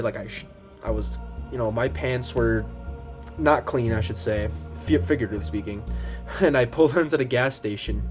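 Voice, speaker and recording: Young man, casual storytime vlogger, rambles and restarts, plays everyone's lines himself, music bed behind. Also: a little mellow. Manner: rambling with many restarts and fillers; acts out quoted voices, squeaks high when panicked.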